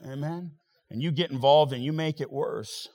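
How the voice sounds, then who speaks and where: A man preaching a sermon as pastor, swinging between loud rising exhortation and quiet, wry asides. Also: a little high, normal speed. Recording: long hall reverb.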